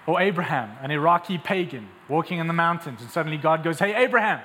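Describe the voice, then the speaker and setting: A young male pastor preaches in a high, bright-edged voice. He moves between relaxed, chatty asides and emphatic, rising calls to the congregation. His voice rings out with a long hall reverb over a faint background hiss. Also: fast talker. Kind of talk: sermon.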